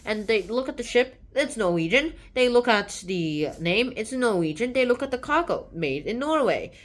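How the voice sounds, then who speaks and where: A woman's voice: a little high, animated, moderate pace. A woman hosting a book channel, casually retelling a short story in a chatty, rambling way with lots of fillers.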